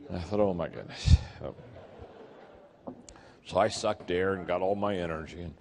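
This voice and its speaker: A man giving a leadership keynote, telling stories in an animated way and acting out the quotes. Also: sits low, quick pace. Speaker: leadership speaker. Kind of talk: keynote storytelling. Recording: echoey hall.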